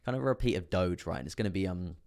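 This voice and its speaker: Brief: young English man, low-pitched and monotone, relaxed chart-analysis streamer. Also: very fast. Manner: chatty, laughs often, reads chat aloud. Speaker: crypto trading streamer.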